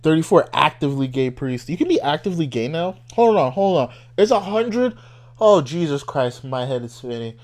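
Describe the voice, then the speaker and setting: A young man from Nigeria chatting casually and joking, laughing often, animated and wry. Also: a little high, normal speed. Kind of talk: casual chat.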